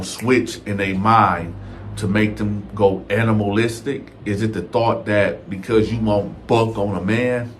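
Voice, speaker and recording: A man's voice: fairly low pitch, a little hiss or hum. A man telling a prison story in casual, slangy storytime style, talking straight to his listeners. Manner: conversational, slangy, addresses listeners as y'all.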